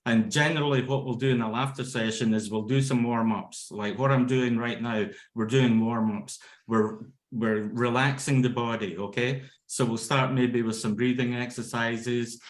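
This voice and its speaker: A man's voice: mid-range voice, fairly even intonation, moderate pace. A man teaching laughter yoga over a video call. He talks energetically, breaks into ho-ho-ha-ha-ha chants and laughter, and keeps checking in with "okay?" and "yeah?". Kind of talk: instructional talk with demonstrations. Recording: roomy echo on a video call.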